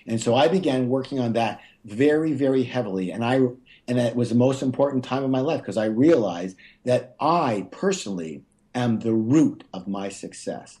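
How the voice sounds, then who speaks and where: A man guest on an interview, telling a personal story, often stumbling and restarting and jumping up in pitch when he acts out what was said. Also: moderate pace. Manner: animated, acts out quotes with big pitch jumps. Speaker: guest author.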